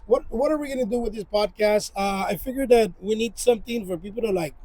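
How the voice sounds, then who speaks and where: High-voiced man co-hosting a plant podcast. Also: fast, darkish tone, slightly rough, low-quality recording. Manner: loose, joking, talks over his brother. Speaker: podcast co-host. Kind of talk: casual chat. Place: plant nursery beside a shed. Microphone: small cheap mic.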